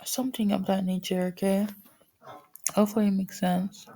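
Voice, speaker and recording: In a mellow, medium-pitched morning voice with little pitch movement, this spiritual reader talks at a normal speed. Her casual reading for viewers rambles along with lots of fillers and restarts.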